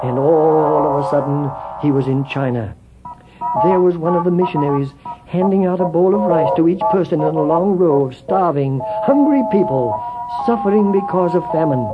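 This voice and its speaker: A man narrating a children's story in an expressive voice that swells with feeling. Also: a little high, moderate pace. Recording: tinny phone-like with faint music.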